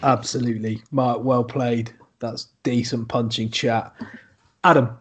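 A man's voice: mid-range voice, little pitch movement, unhurried, slight background noise. A man hosting a podcast panel, scoring the others with dry, teasing remarks. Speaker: quiz host scoring the panel. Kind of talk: casual podcast banter.

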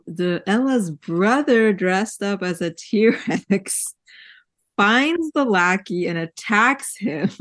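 A woman's voice: medium pitch, no echo. A woman co-hosting a casual movie podcast, laughing often as she talks. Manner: giggly, laughs often while talking. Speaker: podcast co-host. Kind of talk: casual movie recap chat.

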